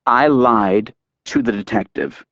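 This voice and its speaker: A man's voice: lowish voice, sing-song, slow pace, creaky, a bit bright, no echo, muffled recording, exaggerated voice. A man reading an audiobook, voicing an anxious, guilty woman who pleads in a shaky, raised voice. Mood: pleading.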